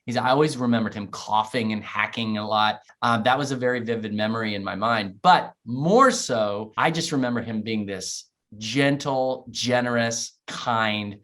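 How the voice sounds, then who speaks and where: A man's voice: mid-range voice, moderate pace, fairly bright tone. A man in his forties, an interview guest, telling a heartfelt personal story in an earnest, reflective way. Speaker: podcast guest.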